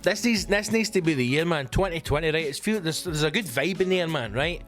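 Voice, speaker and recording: A man's voice: a little high, a little fast, soft background music. A Scottish man hosting his own comedy podcast, telling stories in a sweary, ranting monologue. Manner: sweary, ranting, animated storytelling. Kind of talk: casual comic monologue.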